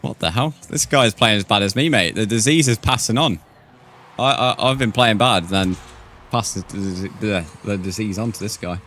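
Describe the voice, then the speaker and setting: Low-voiced man chatting on a game stream. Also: moderate pace, a bit bright, slight background noise. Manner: chatty, calls viewers "mate". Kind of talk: casual live-stream chat.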